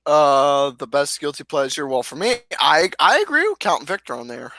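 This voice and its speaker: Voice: medium pitch, sing-song, moderate pace, fairly bright tone, dry recording. A laid-back co-host in a casual movie chat, speaking in short terse remarks.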